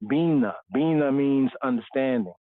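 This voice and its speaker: A man hosting a podcast, teaching a Bible lesson slowly, repeating words and often asking "right?". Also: mid-range voice, dry recording. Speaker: podcast host teaching scripture. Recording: phone-like livestream audio, dry.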